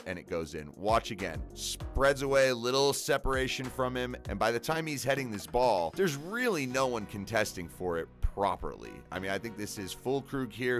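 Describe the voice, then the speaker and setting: A man narrating a football tactics breakdown over match footage, explaining plays in a conversational, explanatory way. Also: medium pitch. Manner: conversational, explanatory, animated at key moments.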